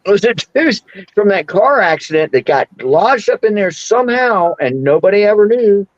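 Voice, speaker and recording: A man's voice: high-pitched, sing-song, moderate pace, no echo, lo-fi sound. A man in his sixties, hosting a casual chat and telling rambling stories with frequent laughs. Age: 60s. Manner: rambling storyteller, laughs often. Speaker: podcast host.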